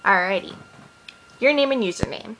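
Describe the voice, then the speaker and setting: A woman's voice: medium pitch, moderate pace, fairly bright tone, a little hiss or hum, poor audio. A woman in her twenties from Boston with a Boston accent, chatting casually and jokily as she reads out questions and answers them, recorded on an iPod mic. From Boston, Massachusetts. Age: 20s. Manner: casual and jokey, reading questions aloud then answering. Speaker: vlogger. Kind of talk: casual accent challenge vlog. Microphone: iPod built-in mic.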